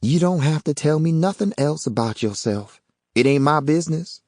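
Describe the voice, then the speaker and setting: A man's voice: lively intonation, moderate pace, a little mellow, dry recording, studio quality. A man voicing a troubled young woman with a blunt, clipped way of talking in an audiobook. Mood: guarded. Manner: blunt, clipped, raised-pitch delivery. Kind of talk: audiobook character voice.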